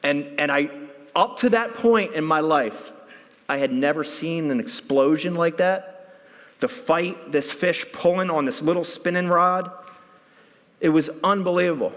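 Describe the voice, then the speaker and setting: A man giving a conference talk, telling a story with energy, and his voice jumps high when he gets excited. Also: measured pace. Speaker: keynote speaker. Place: large hall. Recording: reverberant hall.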